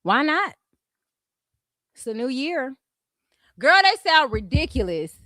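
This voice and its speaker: A woman's voice: high-pitched, sing-song, slow pace, bright, forceful tone, dry recording. A woman from California with a Californian accent, ranting bluntly and profanely at trolls on her commentary vlog. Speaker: YouTube commentary host.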